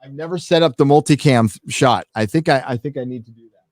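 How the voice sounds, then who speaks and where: Here a mid-range, darkish male voice talks fast with no room sound. He's a livestream host reading donations in a casual, profane rant, emphatic throughout, cursing freely and leaning on plenty of fillers.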